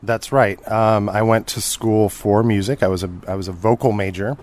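A man from Texas, a chef, talking about his background in a friendly, relaxed way, with many fillers. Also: fairly low pitch, normal speed. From Texas, United States. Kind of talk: casual interview. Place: restaurant.

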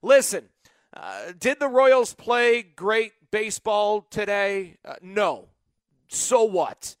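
Male sports radio host, excitable postgame talker, dry studio sound. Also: high-pitched, slow pace, clean tone, no echo. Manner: excitable, animated, talks up the win. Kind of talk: postgame call-in show talk.

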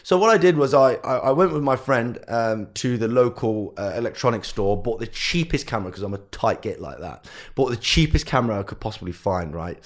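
A man's voice: mid-range voice, brisk. A young man, a guest entrepreneur, telling his life story in a podcast interview and acting out what his parents and teachers said. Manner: animated storyteller who acts out quotes of family.

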